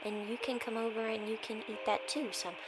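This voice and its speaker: A woman's voice: a little high, flat delivery, brisk, very noisy, lightly acted. A woman playing a sweet, earnest young boy who rambles reassuringly in a tabletop game.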